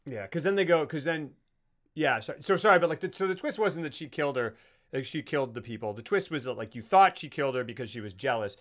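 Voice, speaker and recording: A man's voice: fairly high pitch, lively intonation, quick pace, a bit bright. A man co-hosting a casual film review chat, retelling scenes in mock quotes and swearing freely. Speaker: podcast co-host.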